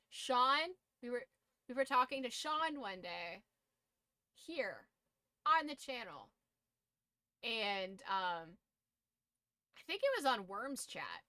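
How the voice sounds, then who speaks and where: Woman streamer, blunt casual chatter with a hoarse throat; pitched a bit high, bright tone. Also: dry recording. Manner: blunt, swears freely, laughs often.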